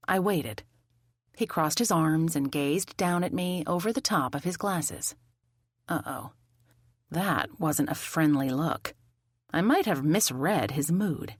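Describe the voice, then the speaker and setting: A woman narrating a first-person mystery audiobook in an expressive, lively storytelling manner. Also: low-pitched, unhurried, no room sound, studio quality.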